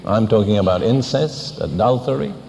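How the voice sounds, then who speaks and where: An older man preaching a sermon, teaching deliberately and asking pointed questions. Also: fairly low pitch, lively intonation, gravelly, darkish tone, long reverb tail.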